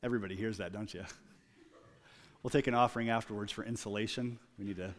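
A man preaching a sermon, moving from quiet, reflective storytelling to loud, emphatic exclamations. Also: lowish voice, fairly even intonation, fast talker. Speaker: pastor.

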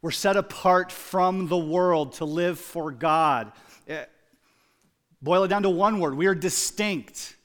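Pastor, male, slightly high voice, sermon delivery that swings between hushed reflection and emphatic shouts. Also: slow. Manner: swings from quiet reflection to loud emphatic exclamations.

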